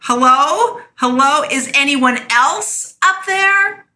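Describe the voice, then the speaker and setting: A frightened man clinging to a cliff branch, as a woman puts him on, pleading and stammering in a high, strained voice. His bright, sharp tone cuts through as he begs for rescue in a spoken devotional story. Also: animated, takes it slowly, exaggerated voice. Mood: alarmed.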